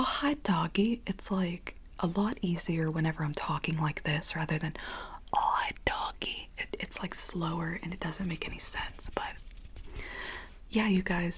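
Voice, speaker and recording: A woman ASMR host reading a script aloud in soft whispered role-play on a binaural mic, with casual chatty asides. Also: on the low side, creaky, slight background noise.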